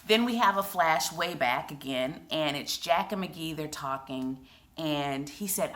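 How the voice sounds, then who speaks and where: A woman casually chatting through a TV episode recap, retelling scenes in an emotional, animated way with lots of fillers. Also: low voice, a little slow. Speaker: TV recap vlogger.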